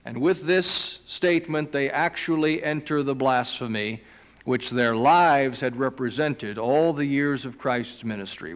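A male preacher reading a Bible passage aloud and adding his own commentary, telling it like an animated story. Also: mid-range voice, a little slow. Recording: long hall reverb.

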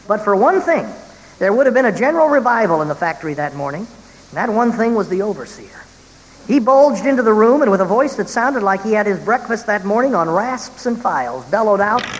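A reader giving a dramatic reading of a historical sermon, expressive and slowing on key phrases. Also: mid-range voice. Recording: reverberant room with faint hiss.

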